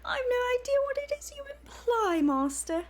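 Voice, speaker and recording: A woman plays a bashful lizard-folk maid whose voice climbs high and flutters, breathy and coy. She sounds like a shy servant playing innocent in an overblown storybook reading. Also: very animated, moderate pace. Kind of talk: comic dramatic reading.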